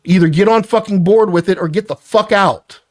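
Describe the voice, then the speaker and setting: A man's voice: high voice, normal speed, no echo. An angry man lecturing an employee in a heated work argument, swearing constantly. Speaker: business owner confronting an employee.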